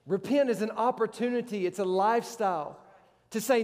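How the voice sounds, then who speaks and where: Pastor, male, high tenor preacher; emphatic delivery, sharp jumps on questions; long hall reverb. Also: brisk. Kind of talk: sermon.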